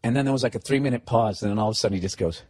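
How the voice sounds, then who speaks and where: A comedian and podcast host telling a story as a profane comic rant, animated and mocking, swearing constantly. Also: male voice, medium pitch, racing.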